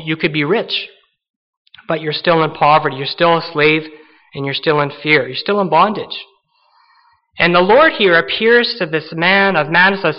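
Earnest high-voiced man preaching. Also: lo-fi sound. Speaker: pastor. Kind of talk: sermon.

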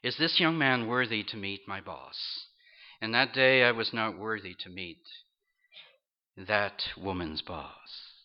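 A man's voice: fairly low pitch, takes it slowly. A man preaching a storytelling sermon, earnest, acting out the voices of people in his story. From Toronto area, Canada. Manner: earnest, acts out quoted voices. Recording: dull lo-fi recording.

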